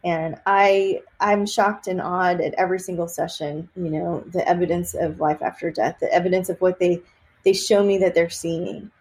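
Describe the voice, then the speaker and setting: A woman from Texas, a psychic medium, chatting in an interview and telling lively stories with many fillers and laughs. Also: lowish voice, moderate pace. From Austin, Texas. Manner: animated storyteller, laughs often, many fillers. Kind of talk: casual interview chat.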